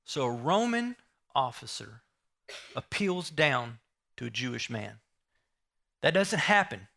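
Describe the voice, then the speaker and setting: Bright-voiced man preaching a sermon. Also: medium pitch, big pitch swings, slow, creaky. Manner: emphatic, repeats key phrases for stress; rhetorical asides to listeners.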